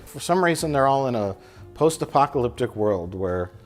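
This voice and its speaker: A man's voice: mid-range voice, sing-song, normal speed, soft background music. A man chatting casually about movies as a reviewer, rambling and joking, often breaking into laughter. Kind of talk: casual chat.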